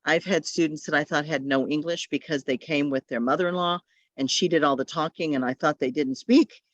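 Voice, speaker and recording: A woman's voice: low voice, steady tone, brisk, dry recording. A woman leading a training session for adult language teachers over a video call, often acting out sounds and how students speak. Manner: demonstrates sounds, models student speech. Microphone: video call audio. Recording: dull, dry video call audio.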